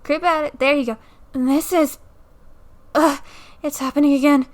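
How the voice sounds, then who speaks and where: A woman's voice: sits high, fairly even intonation, normal speed. A young woman casually commenting on a game at home into a new mic, playfully reading the dialogue aloud and joking about it. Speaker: let's play creator. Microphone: new desktop mic.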